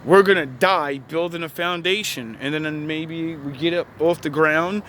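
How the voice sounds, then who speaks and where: A young man speaks in a fairly high, somewhat bright voice, going a little slowly. He's a video creator giving a preachy, blunt motivational rant full of profanity, recorded outdoors by a noisy street.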